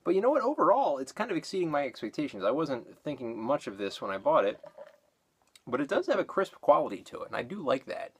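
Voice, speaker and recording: A man talks through a beer review in a loose, rambling way, and he is slightly out of breath from exercise. He fills pauses with ums and uhs and corrects himself as he goes. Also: fairly high pitch, very animated, fairly bright tone, a little hiss or hum. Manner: rambling, with many fillers and self-corrections.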